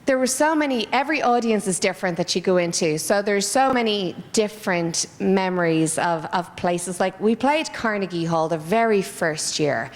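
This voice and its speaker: A woman's voice: mid-range voice, lively intonation, moderate pace, few pauses, long reverb tail. An Irish woman in her forties, chatting through rambling anecdotes in a casual interview. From Ireland. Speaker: interviewee, former stage dancer.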